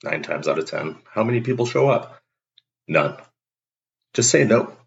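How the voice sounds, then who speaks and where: A man's voice: on the low side, lively intonation, unhurried, vocal fry. A man hosting a motivational monologue, talking bluntly and emphatically and acting out everyday exchanges. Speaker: host. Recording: dull lo-fi recording.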